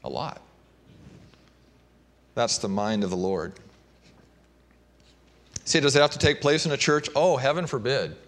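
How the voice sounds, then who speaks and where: A man preaching a sermon, shifting between emphatic and hushed delivery. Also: medium pitch, expressive, a little slow, pauses often. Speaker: pastor.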